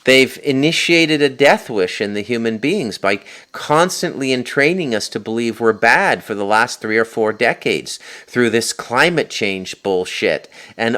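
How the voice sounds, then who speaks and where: Insistent man with a lively, swinging voice. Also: medium pitch. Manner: insistent, punctuating points with "okay?". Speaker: host and author. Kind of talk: spoken monologue.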